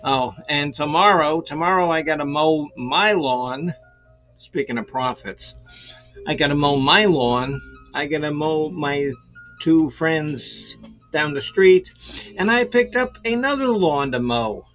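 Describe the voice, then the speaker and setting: Slow-talking rambling man in his sixties. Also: a little high, fairly bright tone. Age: 60s. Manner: rambling, jokey, full of fillers. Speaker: show host. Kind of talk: casual livestream chat. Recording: lo-fi sound with faint background music.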